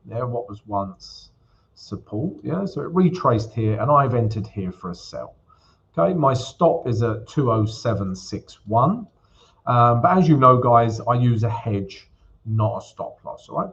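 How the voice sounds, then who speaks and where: A man's voice: mid-range voice, muffled recording. A man hosting a casual live stream about forex trading, chatting loosely with viewers, often calling them guys and using lots of fillers while he walks through a chart.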